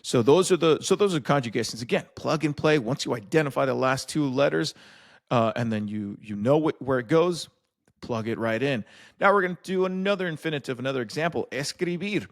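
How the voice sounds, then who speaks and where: A man's voice: mid-range voice, expressive, a little fast. A young man hosting a casual Spanish lesson, joking loosely with many fillers and restarts. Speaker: Spanish teacher and host.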